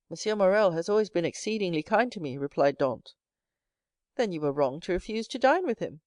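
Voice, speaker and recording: A woman's voice: expressive, fairly quick, darkish tone, no room sound. Dry, close woman narrating a classic novel. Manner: reads every character herself, lifting her pitch for the young hero. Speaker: audiobook narrator. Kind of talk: scripted narration.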